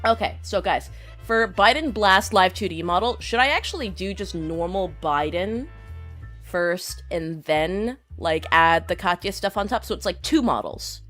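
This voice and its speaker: Young woman streamer with a really bright voice rambling opinions, little music in the back. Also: on the low side, animated, unhurried. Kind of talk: casual live-stream chat.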